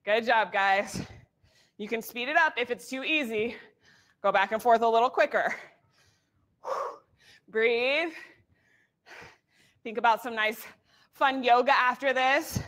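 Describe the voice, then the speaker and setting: High bright breathless woman coaching a workout. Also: slow, long pauses. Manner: upbeat, encouraging cues with whoops. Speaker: fitness instructor.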